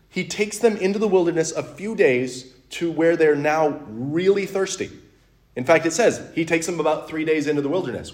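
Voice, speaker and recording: A man preaching a sermon in a conversational way, telling stories and acting out quotes. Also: high voice. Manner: conversational, animated storytelling with acted-out quotes.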